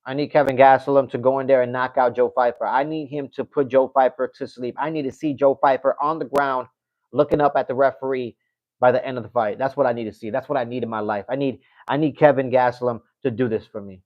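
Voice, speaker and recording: Man, casual livestream host, animated and laughing, mid pitch, dry close sound, slightly dull audio. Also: fast talker, no room sound. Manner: animated, laughs often, reads chat comments aloud. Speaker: MMA channel host.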